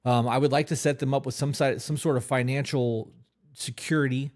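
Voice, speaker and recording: A man's voice: medium pitch, steady tone, brisk, darkish tone. Earnest, profane man podcast co-host. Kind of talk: casual podcast chat.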